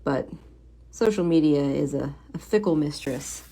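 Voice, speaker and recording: A young woman with a fairly low voice chats casually on a drawing livestream. She reads viewer comments aloud and drifts into soft muttering while she works. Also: unhurried, breathy edge. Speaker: comic book artist streaming a drawing session.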